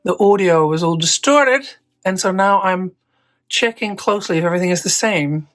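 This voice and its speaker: A woman's voice: on the low side, normal speed. Bubbly, rambling woman artist vlogging. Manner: bubbly, rambling and self-amused, jumping between topics. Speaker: mixed media artist and art teacher. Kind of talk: chatty studio vlog. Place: small home art studio. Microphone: phone held close up.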